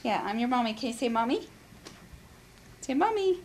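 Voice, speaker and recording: A woman's voice: a little high, steady tone, moderate pace, a little hiss or hum, rough recording. A mother filming her toddler at home on a camcorder, coaxing him in a playful, sing-song way. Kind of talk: home video chat. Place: apartment indoors. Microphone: camcorder built-in mic, behind the camera.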